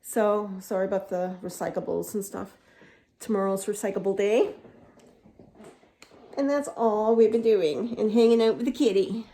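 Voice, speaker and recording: A woman's voice: medium pitch, moderate pace, long pauses, dark tone. A woman in her fifties chatting in a rambling, casual way while showing her house, with many fillers and restarts. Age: 50s. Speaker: vlogger. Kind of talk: casual home tour chat. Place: inside a house.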